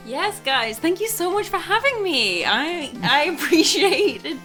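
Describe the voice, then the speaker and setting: A woman's voice: extremely high pitch, very animated, a little slow, sharp tone, soft background music. A young woman, a guest judge chatting playfully and teasing. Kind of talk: casual chat.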